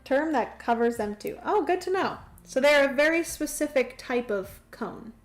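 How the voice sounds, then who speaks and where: A woman's voice: sits high, expressive, normal speed. A young woman livestreaming a solo board game, thinking aloud through her moves and chatting with viewers. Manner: chatty, thinks aloud while playing, greets chat warmly.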